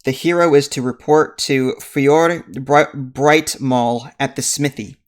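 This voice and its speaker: A game master and channel host runs a board game playthrough, reading the story text aloud in a medium-pitched voice at a slow pace. He jokes around and laughs at his own jokes.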